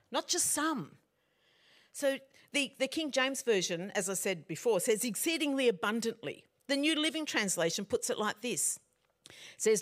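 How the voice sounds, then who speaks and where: A middle-aged woman preaching a sermon in a conversational way, often putting questions to her congregation. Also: mid-range voice. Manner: animated, conversational, asks the audience questions.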